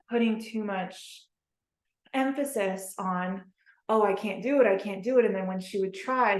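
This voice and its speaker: A young adult woman telling a story to the camera in casual vlog style, acting out what people said. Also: medium pitch. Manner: animated, acts out quoted dialogue. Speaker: vlogger. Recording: echoey room.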